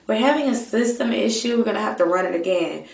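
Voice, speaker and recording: A woman's voice: mid-range voice, animated, fast talker, gravelly, voice pushed up. A woman voicing a flustered, apologetic female nail salon worker in a raised, placating tone. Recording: roomy, voice from a distance.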